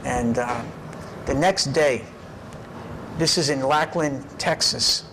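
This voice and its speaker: Animated middle-aged man telling stories. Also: medium pitch, slow, slight background noise, rough recording. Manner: animated storyteller, often tags lines with "right?". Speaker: documentary subject. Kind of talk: life-story interview.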